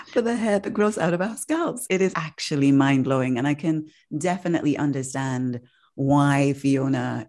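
A woman's voice: extremely low pitch, mellow. A woman hosting a casual podcast chat, chatty and emphatic, often laughing. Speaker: podcast host.

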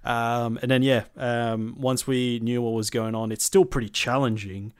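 Relaxed man, dry close mic. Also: mid-range voice, normal speed, smooth, no echo. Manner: relaxed, swears freely, many ums. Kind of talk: casual gaming chat.

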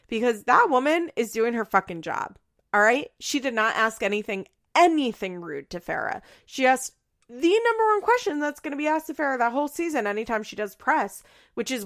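A woman's voice: on the high side, very animated, brisk, fairly bright tone. A woman casually recapping a reality show, gossipy and profane. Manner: gossipy, profane, laughs often.

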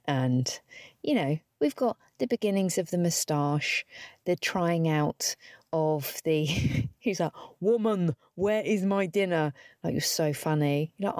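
A woman's voice: deep voice, a little mellow, dry recording, clean studio sound. A woman in her forties with a British accent telling a wry, chatty story on her own podcast, swearing now and then and acting out the dialogue. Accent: British English. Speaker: podcast host. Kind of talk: casual solo podcast storytelling.

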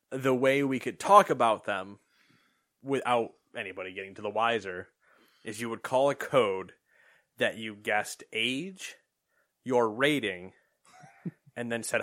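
A man's voice: mid-range voice, a little slow, a bit bright, no room sound, studio quality. A man co-hosting a podcast, joking around in casual chat and laughing often. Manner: joking, laughs often, trails off mid-sentence. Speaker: podcast co-host.

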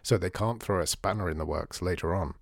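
A man's voice: sits low, a little fast, vocal fry, no echo, clean studio sound. A man doing an eager, friendly new neighbor. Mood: persuasive. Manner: upbeat and persuasive.

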